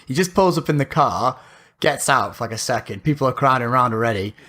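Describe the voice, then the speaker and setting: A man's voice: medium pitch, expressive, quick pace, sharp tone. A young man, co-hosting a podcast in casual chat, brash and laughing at his own stories, heard over a remote call. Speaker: podcast co-host.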